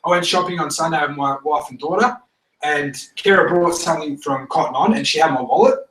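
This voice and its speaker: A man telling stories to a group in a casual, animated way, laughing often and swearing freely. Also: a little high, brisk, far from the mic, slight background noise. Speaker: team member giving a testimonial. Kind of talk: casual storytelling talk to a group. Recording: echoey room, recorded from afar.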